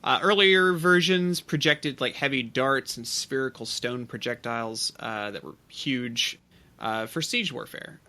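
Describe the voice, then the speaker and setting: A man's voice: medium pitch, unhurried, sharp tone. A man co-hosting a casual podcast, explaining a topic at length with many fillers and restarts. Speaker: podcast co-host.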